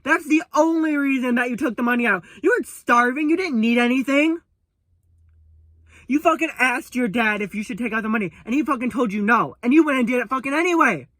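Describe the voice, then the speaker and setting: A man's voice: very high voice, fairly quick, a bit bright, dry recording. A young man ranting furiously to camera in a vlog, swearing and confronting someone, repeating himself and tripping over his words. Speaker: vlogger. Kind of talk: angry vlog rant to camera.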